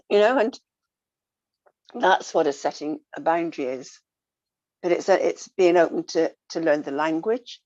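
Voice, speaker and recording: A woman talking earnestly in a casual reflective way, coaching gently and repeating her phrases. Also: fairly low pitch, a little slow, pauses often, no echo. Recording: dull lo-fi dry sound.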